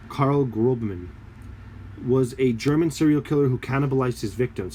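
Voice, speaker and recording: A man co-hosting a casual podcast, reading aloud from his screen and telling spooky stories in an animated way. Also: mid-range voice, a little hiss or hum. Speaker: podcast co-host. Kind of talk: casual chat.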